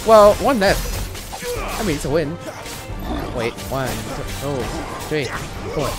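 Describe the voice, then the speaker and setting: A woman streaming a video game, chatting in an excitable, giggly, rambling way. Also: low voice, takes it slowly, over music. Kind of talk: casual gameplay commentary.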